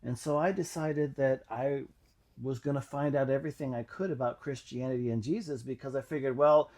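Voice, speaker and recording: A man at mid pitch telling his personal testimony. He speaks reflectively and haltingly, often pausing with fillers as he gathers his thoughts. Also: steady tone, a little mellow. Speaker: channel host.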